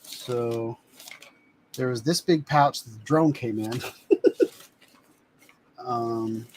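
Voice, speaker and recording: A man's voice: mid-range voice, takes it slowly. A chatty, rambling man talks casually on his own live stream, voice sitting in an ordinary middle register. He holds items up to the camera from a home studio desk, with a faint hum of background noise. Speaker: live-stream host reviewing drones.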